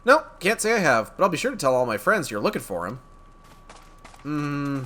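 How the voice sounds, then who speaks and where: A man's voice: a little high, big pitch swings, moderate pace, a bit bright, a little hiss or hum, voice pushed up. A man voicing a suspicious young villager who talks in a rustic dialect, dropping his g's. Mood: wary.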